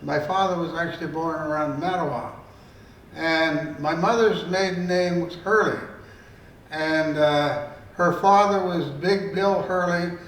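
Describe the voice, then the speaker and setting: A man's voice: on the high side, measured pace, fairly bright tone. A man in his eighties, an author telling stories at a library event in a meandering, folksy, conversational way. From Canada. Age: 80s. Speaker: storyteller and author. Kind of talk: storytelling talk. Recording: roomy room, mic far off, faint noise.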